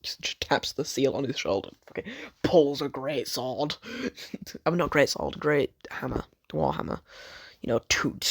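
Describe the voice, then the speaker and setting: A man's voice: medium pitch, gravelly, no echo, studio quality. A man rambling through a fan story, swearing a lot, cutting himself off and joking about it. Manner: rambling, sweary, self-interrupting, jokey.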